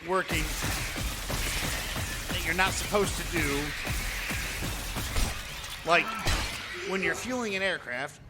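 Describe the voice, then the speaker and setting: A man's voice: sits high, slow, long pauses, over loud music. A man streaming live, telling a story casually, chatty and swearing freely as he acts out what people said. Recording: long reverb, faint background noise.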